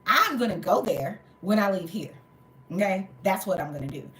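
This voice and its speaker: A woman's voice: mid-range voice, normal speed, slight background noise. A woman, tired and in pain, telling an exasperated story in casual chat, with some swearing. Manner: animated, exasperated retelling with swearing. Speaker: storytelling vlogger. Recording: roomy echo.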